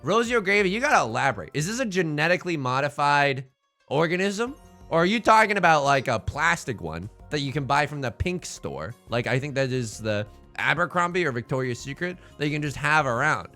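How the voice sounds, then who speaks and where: A man streaming a game and chatting casually with his viewers in a playful, self-mocking way. His voice sits slightly high and sounds bright and forceful, with wide, lively swings in pitch. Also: fairly quick, faint music behind. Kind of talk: casual live-stream gaming commentary.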